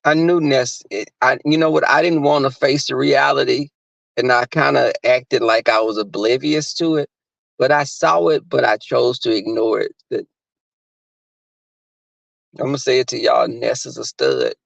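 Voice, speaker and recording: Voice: medium pitch, normal speed, creaky, no room sound. A person giving casual, profane commentary on a reality show, often jumping into mocking impressions. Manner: animated, jumps into mocking impressions of people. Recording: dull lo-fi dry recording.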